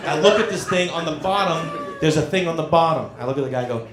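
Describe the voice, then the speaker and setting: A middle-aged man telling a stand-up story on a comedy club stage, animated and acting out the voices of the people in it. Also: on the high side, normal speed, heavy background noise. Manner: animated, acts out quoted voices. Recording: roomy club with loud crowd. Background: audience laughter.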